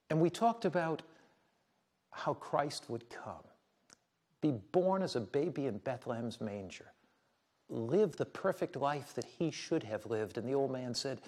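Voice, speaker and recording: A man's voice: mid-range voice, animated, a little slow, pauses often, a little mellow. A man hosting a religious program, preaching and telling a story in an earnest, sermon-like way. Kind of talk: televised sermon-style teaching.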